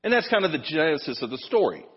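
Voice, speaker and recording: Husky middle-aged male pastor, self-deprecating storyteller, long church reverb. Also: on the high side, big pitch swings, fast talker. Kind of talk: sermon. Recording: dull sound in a reverberant hall.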